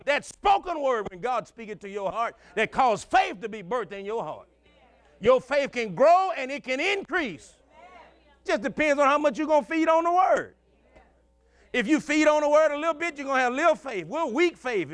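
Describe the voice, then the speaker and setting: High-voiced preacher man. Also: fairly bright tone, no room sound. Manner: preaching in call-and-response, folksy storytelling. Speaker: pastor. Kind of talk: sermon.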